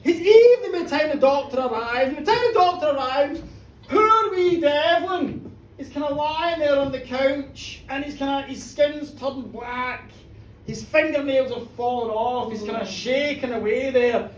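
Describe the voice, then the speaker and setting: Animated storyteller in a pub. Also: sits high, normal speed, a little hiss or hum. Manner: animated, teasing the audience, acting out voices. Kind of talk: live comic horror storytelling. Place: pub, live audience. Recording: echoey pub room, distant mic.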